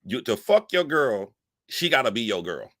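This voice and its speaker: A man telling a profane comic story, animated and laughing, jumping up in pitch for emphasis. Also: normal speed, dry recording, studio quality. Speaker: comedic storyteller.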